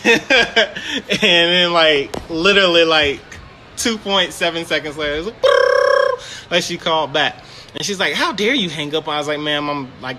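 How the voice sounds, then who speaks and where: A man's voice: on the high side, bright, forceful tone, slight background noise. A man casually telling a story about his job managing a store, laughing often and swearing freely. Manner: laughing often, swearing, quoting in put-on voices.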